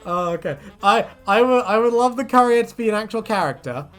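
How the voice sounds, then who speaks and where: A woman co-hosting a casual chat, animated and laughing often, breaking into silly voices. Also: fairly high pitch, a little fast. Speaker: co-host.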